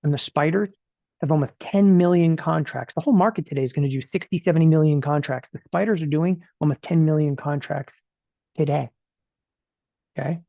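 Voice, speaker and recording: A man teaches options trading in a live webinar, animated and rapid-fire, tacking "okay?" onto every point. His voice is on the high side and gravelly. The audio is dry with no room sound, and the highs are cut off.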